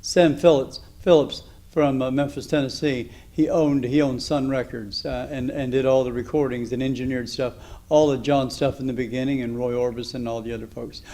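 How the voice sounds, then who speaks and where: A man of middle pitch hosts a casual interview. He chimes in with short bits of context and apologizes for interrupting his guest. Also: steady tone, brisk, dark tone. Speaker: interview host.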